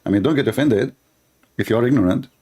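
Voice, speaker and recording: A man's voice: mid-range voice, quick pace, warm tone, breathy edge. A man hosting a show, giving sarcastic, teasing commentary in non-native English. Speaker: host. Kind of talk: mocking commentary on a clip.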